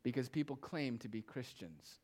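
A male pastor preaching a sermon, moving between loud, emphatic phrases and quiet, hushed asides. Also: medium pitch, animated, normal speed.

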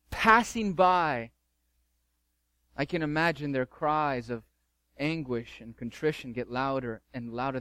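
A man's voice: a little high, no echo. Fervent male preacher, dry sound. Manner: fervent preaching with emphatic repetition. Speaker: pastor. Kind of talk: sermon.

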